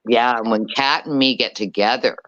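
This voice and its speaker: A woman's voice: very deep voice, moderate pace, fairly bright tone, dull audio. A woman guest on a casual panel chat who moderates the chat, self-deprecating and blunt, laughing often.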